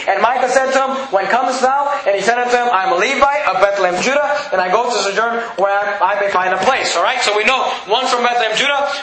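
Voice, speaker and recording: A pastor teaching a sermon like a Bible study, reading scripture aloud and restating it casually with frequent check-ins. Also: male voice, very high-pitched. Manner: reads scripture aloud, then restates it conversationally with frequent "okay?". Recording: echoey room, faint background noise.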